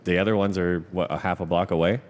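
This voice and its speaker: A man co-hosting a podcast, chatting in a relaxed, casual way over drinks in a pub. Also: low voice, quick pace. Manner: relaxed, says "man" and "like" a lot. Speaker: podcast co-host. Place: back bar of a pub.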